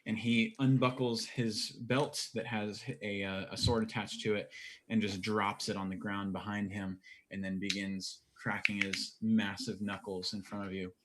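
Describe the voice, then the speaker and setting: A man narrating a tabletop game as game master, in a relaxed, descriptive way with fillers. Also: lowish voice, unhurried, slight background noise.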